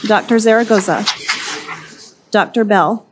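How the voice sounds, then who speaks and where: A woman clerk calling the roll at a board meeting, reading names and titles briskly and evenly. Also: medium pitch, background noise. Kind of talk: formal roll call.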